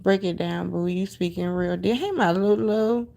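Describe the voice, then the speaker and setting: A middle-aged woman with a fairly low, gravelly, mellow voice talks at normal speed while hosting a casual livestream. Her manner is emphatic, sassy, and preachy; she repeats herself while responding to viewer comments.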